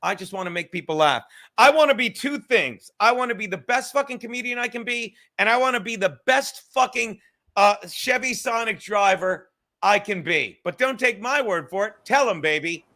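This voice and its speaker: A man, a comedian hosting a podcast, talking in crude, animated, profane banter. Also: high voice, normal speed. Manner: crude, animated, swearing often. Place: car.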